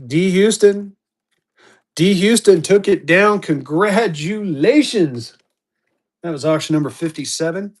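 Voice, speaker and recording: A fairly high-voiced man with a drawl calls out lots on a live auction stream. He talks in quick, hyped bursts, repeating his calls and urging bidders on. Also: expressive.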